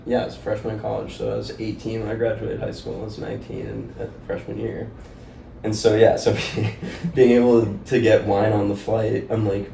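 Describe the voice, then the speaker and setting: A man's voice: lowish voice, little pitch movement, a little fast, gravelly, mellow. A young man, a podcast guest, telling a loose, rambling story with lots of "like" and laughter. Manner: rambling, laughing, heavy use of "like". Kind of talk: casual storytelling. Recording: echoey room, distant mic, faint noise.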